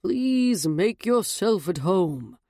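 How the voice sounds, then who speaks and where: A woman voicing a genial man in his late fifties who likes playing host, speaking slowly and expansively. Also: high voice, very animated, a little mellow, no echo, studio quality, full character voice. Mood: welcoming.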